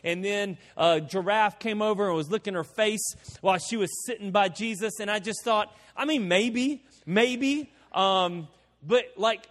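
A male pastor preaching a sermon in a conversational way, swinging between loud emphasis and quiet asides. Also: high voice, unhurried, in a large hall. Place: church sanctuary.

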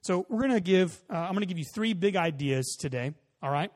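A man in his thirties preaching a sermon as a pastor, conversational, with rising emphatic peaks and soft drop-offs. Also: high voice, animated, a little fast.

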